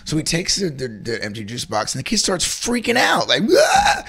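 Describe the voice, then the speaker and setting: A man's voice: mid-range voice, very animated, a little fast, gravelly, bright, forceful tone, slightly rough. A man co-hosting a casual chat, talking earnestly and rambling about faith and feeling good. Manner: earnest, rambling, acts out little voices in stories. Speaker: co-host.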